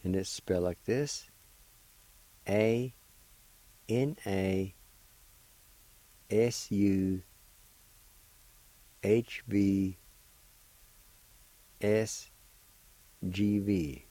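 Man radio host, slow patient language lesson, low mellow voice, dry close sound. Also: fairly even intonation, no echo, low-quality recording. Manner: patient, repeats each word syllable by syllable. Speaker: radio host teaching Cherokee words. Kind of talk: slow spelling and pronunciation lesson.

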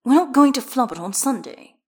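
A bossy, sharp-tongued young man who always has the last word, as a woman reads him in a fan audiobook. His lines sit high and swing lively, clipped and dry. He scolds and directs without pausing. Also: natural voice. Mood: pointed. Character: sharp-tongued young male figure skater.

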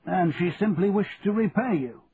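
A man's voice: sits high, lively intonation, moderate pace, pitched above the performer's own voice. Brief: male reader as a courteous, persuasive young London man, lo-fi phone-like sound. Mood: earnest. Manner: polite and persuasive. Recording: tinny lo-fi radio recording, faint hiss.

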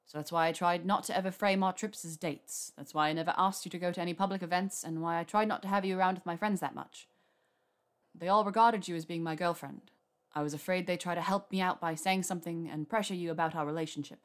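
A woman voicing a mortified young male wizard who mutters and sighs in a low voice. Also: steady tone, quick pace, natural voice. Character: mortified young wizard, a man, weary and self-mocking.

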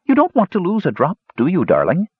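A man voicing a tiny, doting old woman with a shrill, scratchy voice that fusses over everyone, read in a storybook. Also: wildly swooping pitch, fairly quick, husky, no echo, exaggerated voice. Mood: cloying. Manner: cloying, fussing, teeth clicking. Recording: dull lo-fi recording.

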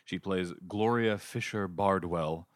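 A man's voice: deep voice, slow, dry recording, clean studio sound. A man co-hosting a podcast, chatting casually and jokingly as he retells a TV episode scene by scene. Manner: jokey, retells scenes with quoted lines. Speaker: podcast co-host. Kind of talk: casual chat recapping a TV episode.

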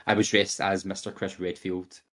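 A man's voice: low-pitched, little pitch movement, normal speed, fairly bright tone. A young man co-hosting a podcast, chatting casually and rambling through gaming stories. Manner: chatty and rambling, quoting game lines in put-on voices. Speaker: podcast co-host. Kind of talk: casual chat.

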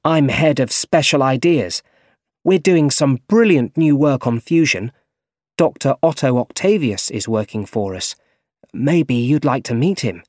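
A man's voice: medium pitch, lively intonation, measured pace, darkish tone, no echo, clean studio sound, pitched above the performer's own voice, lightly acted. A man voicing a proud young man who runs a company department, in a graded-reader audiobook. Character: young man, rich heir, bitter and driven.

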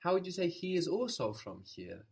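A man's voice: fairly high pitch, big pitch swings, fairly quick, vocal fry, breathy edge. A man teaching a language lesson, patiently prompting, repeating answers and explaining where words come from.

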